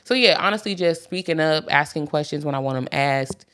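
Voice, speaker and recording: A woman's voice: sits low, fairly quick, clear, resonant tone. A woman in her thirties co-hosting a podcast, chatting casually and rambling with lots of fillers. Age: 30s. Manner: animated storyteller who acts out quotes. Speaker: podcast co-host. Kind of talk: casual chat.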